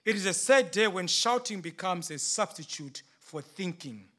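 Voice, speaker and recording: A preacher voicing Pilate in a first-person sermon monologue, theatrical and rising to loud indignant outbursts. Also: male voice, high-pitched, lively intonation, normal speed. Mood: bitter. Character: Roman governor Pilate, a frustrated, defensive man. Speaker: preacher in character.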